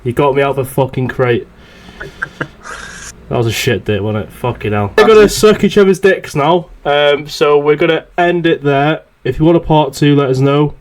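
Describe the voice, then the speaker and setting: A man's voice: a little high, normal speed. Sweary young man telling a story. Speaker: podcast host. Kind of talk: casual chat, swearing anecdote.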